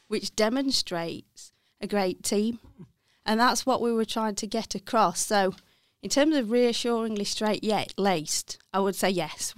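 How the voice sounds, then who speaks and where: A woman's voice: mid-range voice, no echo, studio quality. A middle-aged woman with a Birmingham accent, speaking candidly as an interview guest, often correcting herself mid-sentence. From West Midlands, England. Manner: candid, self-correcting, laughs softly. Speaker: interview guest, accounting firm partner. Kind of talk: reflective interview chat.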